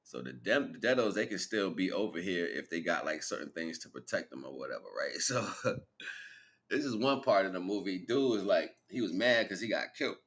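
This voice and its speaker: Deep-voiced and brisk, the man has lively intonation and a fairly bright tone. As a livestream host, he delivers a relaxed spiritual monologue, rambling in slang and chuckling as he retells events.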